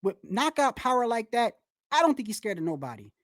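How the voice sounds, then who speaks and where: A woman's voice: fairly high pitch, fairly quick, dry recording, studio quality. Fired-up profane woman streamer. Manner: animated, profane, slangy, lots of restarts. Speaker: boxing channel host. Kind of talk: casual livestream commentary.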